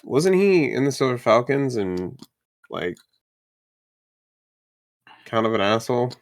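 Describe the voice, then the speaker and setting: A man's voice: mid-range voice, sing-song, slow, pitched above the performer's own voice. A man voicing a nervous, apologetic elf tavern patron who stammers and hesitates. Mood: flustered. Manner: hesitant, stammering, full of ums.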